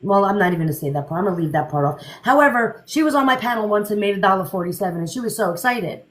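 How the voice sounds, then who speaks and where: A woman host telling a personal story in a casual storytime, animated and acting out the dialogue. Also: mid-range voice, very fast, poor audio. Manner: animated, acts out quoted dialogue.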